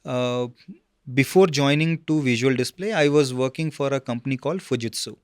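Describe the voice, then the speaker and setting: A man, a guest telling his career story in a casual interview, halting with many fillers and "okay?" check-ins. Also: mid-range voice, clear, resonant tone, no room sound, studio quality.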